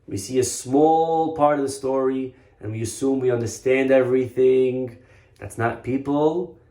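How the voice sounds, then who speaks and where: A man's voice: mid-range voice, measured pace, dark tone. A man, a rabbi, giving a storytelling sermon in an earnest way, stressing points by repeating himself. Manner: earnest storytelling with emphatic repetition. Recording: roomy echo.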